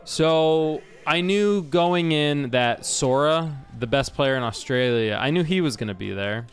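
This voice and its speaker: A man's voice: a little high, lively intonation, unhurried. A man chatting casually on a game stream, telling a long story with many restarts and fillers. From Washington state. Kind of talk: casual stream chat while gaming. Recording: faint music underneath.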